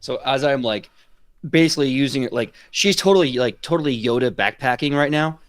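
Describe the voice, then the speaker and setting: A man playing a tabletop game, narrating his character's actions in a relaxed, sometimes slow and halting way. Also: medium pitch, clear, resonant tone, no echo, clean studio sound. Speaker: player.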